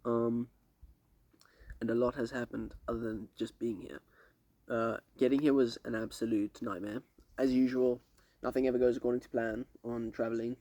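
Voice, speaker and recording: A man's voice: medium pitch, little pitch movement, moderate pace, mellow, no room sound. Rambling young man vlogging outdoors. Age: young adult. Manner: rambling, slangy, swears casually. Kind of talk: casual vlog update. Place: outdoors on a lake dock at night. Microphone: camera set up a few steps away.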